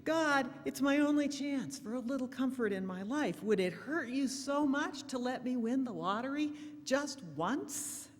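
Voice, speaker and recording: A woman's voice: high-pitched, lively intonation, unhurried, few pauses, big-room sound, pitched above the performer's own voice. A woman voicing a poor, pious old man who pleads with rising frustration. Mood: pleading. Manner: pleading, raised and strained.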